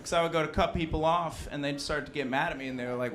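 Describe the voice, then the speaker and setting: A man's voice: a little high, moderate pace, long pauses, noisy background. A young adult man performing a brash, profane stand-up set and working the crowd. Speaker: stand-up comedian. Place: basement of a loud bar. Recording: live crowd in a bar basement. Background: laughing audience.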